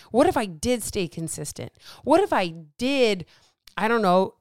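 Woman podcaster, smooth clear voice, dry close sound, pumped up and asking question after question. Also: mid-range voice, no room sound. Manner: repetitive rhetorical questions, fired up. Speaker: podcast host. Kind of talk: motivational podcast monologue. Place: small dark office.

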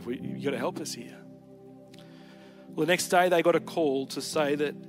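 A male pastor delivering a sermon, telling a story earnestly, his voice swelling and dropping. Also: fairly high pitch.

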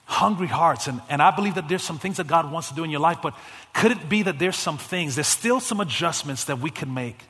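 A man preaching as a guest pastor, casual with slang, swinging between loud fervent calls and hushed storytelling. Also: a little high, lively intonation, fairly quick. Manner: casual, youthful slang and repetitions. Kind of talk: sermon. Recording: long hall reverb.

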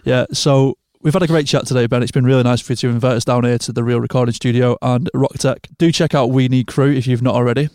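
A man's voice: mid-range voice, fairly even intonation, quick pace, few pauses, darkish tone, no room sound. A man hosting a podcast in a studio, telling stories in casual chat, swearing and laughing as he goes. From England. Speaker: podcast host. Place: recording studio.

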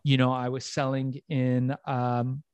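A middle-aged man, a podcast guest, telling his own story in an animated way, swearing freely and acting out the voices of people he quotes. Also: mid-range voice, a little slow, clean tone, no room sound.

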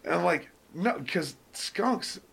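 A young man hosts a casual podcast chat with friends, loose and joking, swearing freely. His voice sits a little high and sounds bright and forward. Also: lively intonation, slow pace, vocal fry, husky. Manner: laid-back, swears a lot, laughs often. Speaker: podcast host.

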